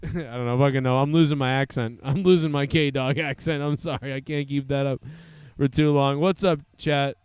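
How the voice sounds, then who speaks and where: A man's voice: mid-range voice, steady tone, normal speed, few pauses, darkish tone, clear, resonant tone, dry recording. A man hosting a live stream, giving casual commentary to his chat in a crude, joking, rambling way.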